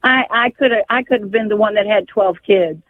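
An older woman calls a radio show and tells a painful family story in a mid-range voice, talking a little fast as she pleads and stumbles. She is heard through a telephone, and the line sounds tinny.

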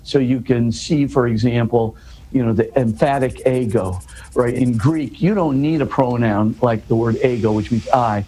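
A man's voice: medium pitch, normal speed, mellow, a little hiss or hum, low-quality recording. A man, a guest in an interview, explaining scripture in earnest conversation. He restarts and repeats words, tags his points with "right?" and builds to emphatic questions.

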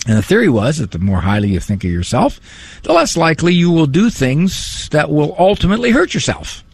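A male psychologist giving a talk on parenting and faith, animated and joking in a conversational way. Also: fairly high pitch, normal speed, vocal fry, slightly rough, no room sound.

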